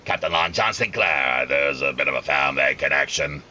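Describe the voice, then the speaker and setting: A man voicing a hard-drinking pirate captain who co-hosts the show, with a robotic, flat sound and formal, gracious manners. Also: very deep voice, normal speed, muffled recording, slight background noise, heavily acted. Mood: hearty. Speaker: co-host.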